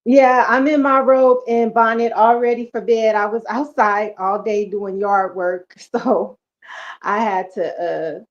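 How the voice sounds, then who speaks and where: A woman's voice: fairly high pitch, fairly even intonation, unhurried. Polite woman caller on a dull line. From South Central Los Angeles. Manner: polite, soft-spoken, light laughs. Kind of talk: casual call-in chat. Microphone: video call. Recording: slightly dull video call audio.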